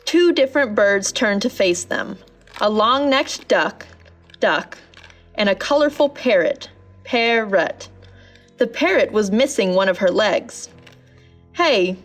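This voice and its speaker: A woman's voice: medium pitch, expressive, moderate pace, faint music behind. Woman reading a children's storybook. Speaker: narrator. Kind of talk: storybook narration.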